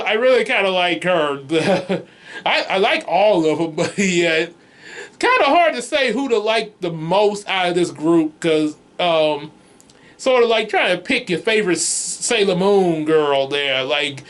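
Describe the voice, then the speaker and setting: High-voiced chuckling man chatting about movies. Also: fairly bright tone. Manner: rambling, chuckles often, many restarts. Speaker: comics vlogger reviewing a movie. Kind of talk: casual movie review chat.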